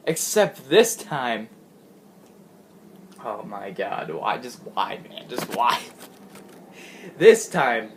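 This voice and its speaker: A man's voice: mid-range voice, sing-song, slow, pauses often, a bit bright, slight background noise. A man giving a casual, rambling recap of a wrestling show, often laughing and restarting his sentences. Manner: chatty, giggly, rambling with restarts.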